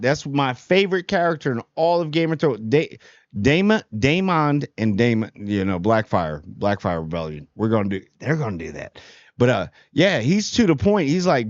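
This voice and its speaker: A man's voice: medium pitch, sing-song, normal speed, no room sound, lo-fi sound. A man casually reviewing a TV episode in a rambling, slangy way, paraphrasing characters as he goes. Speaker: show host reviewing TV.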